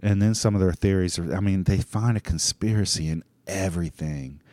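A man's voice: low voice, a little fast, dark tone, dry recording. A man hosting a solo talk show, rambling in a loose, profane monologue full of restarts and fillers. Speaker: podcast host.

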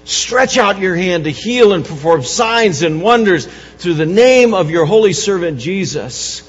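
A man preaching an Easter sermon as pastor. He swings between soft, low reflection and loud, raised preaching, and often repeats words and restarts phrases. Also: animated, a little slow, husky. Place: church sanctuary. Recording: dull, echoey church hall.

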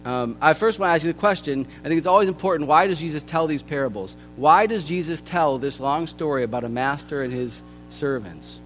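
A man preaching a sermon, earnest and deliberate, his voice softening at the ends of phrases. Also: fairly high pitch. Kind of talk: sermon with scripture reading. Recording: long hall reverb with faint music.

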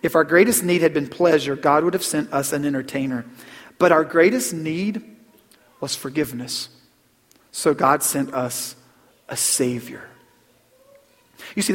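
A middle-aged man preaching a Christmas sermon as pastor, earnest, repeating words and dropping to a hush on key phrases. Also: fairly high pitch. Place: church sanctuary. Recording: long hall reverb.

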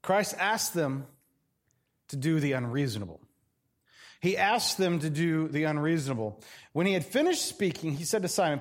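A middle-aged pastor preaches a sermon in an animated way, acting out the voices of those he quotes. His voice is a little high, and he keeps a moderate pace.

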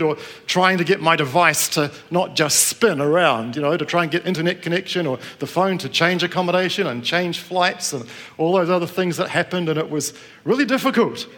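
A middle-aged man from New Zealand gives a sermon to a gathered congregation. His voice sits a little on the high side, and he tells a personal story in a relaxed, conversational way. He keeps asking the room questions as he goes. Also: normal speed. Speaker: preacher. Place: church with live congregation.

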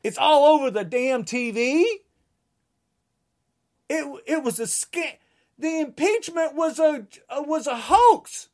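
Angry ranting woman, lively high voice. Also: takes it slowly, pauses often. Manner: angry, ranting, at times shouting. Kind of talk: political rant.

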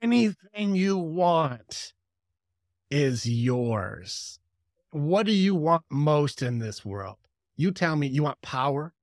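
A man voicing a smooth, flattering male devil who coaxes and tempts, as an impression during a casual conversation. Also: a little high, takes it slowly, no echo, clean studio sound, exaggerated voice. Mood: tempting. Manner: coaxing, persuasive, upbeat. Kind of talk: storytelling impression in casual chat.

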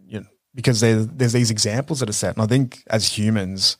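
A man, co-hosting a podcast, telling reflective stories in a relaxed way with lots of fillers. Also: lowish voice, fairly quick, no room sound. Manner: reflective storytelling with many fillers. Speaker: podcast co-host. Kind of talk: casual conversational chat.

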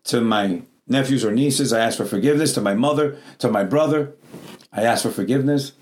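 A man's voice: medium pitch, a little fast, a little mellow, a little hiss or hum. A middle-aged man preaching a Pentecostal sermon in a church, calling out to the congregation, in non-native English phrasing. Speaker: pastor.

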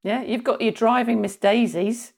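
A woman's voice: a little high, steady tone, normal speed, gravelly, a little mellow. A woman co-hosting a casual comic chat, playful and jokey, laughing often. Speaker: podcast co-host.

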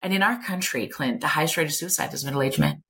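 Low-voiced emphatic woman. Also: expressive, quick pace, a bit bright, slight background noise. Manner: emphatic, blunt, swears casually. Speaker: clinical psychologist, guest. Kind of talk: candid conversational interview.

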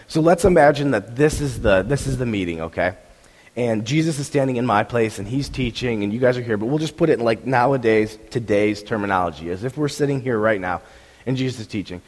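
A young man preaching a sermon with a voice roughened by a sore throat, telling the story animatedly and acting out the crowd's reactions. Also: medium pitch, a little fast. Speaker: pastor. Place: church hall. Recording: long hall reverb.

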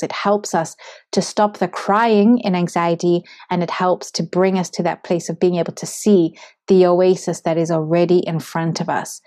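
A woman's voice: fairly low pitch, level tone, normal speed, darkish tone. A woman from Zimbabwe hosting a devotional podcast, talking in an earnest, reflective, conversational way. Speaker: podcast host.

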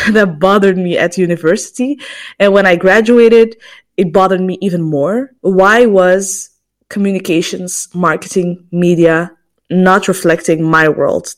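A woman in her twenties from Belgium, hosting a podcast and telling her own story in a reflective, personal monologue. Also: fairly low pitch. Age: 20s. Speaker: podcast host.

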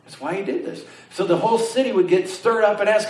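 A man preaching a sermon, telling the story with animated energy and asking his congregation questions. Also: sits high, fast, few pauses. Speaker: pastor. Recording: roomy sound from some distance, faint ambience.

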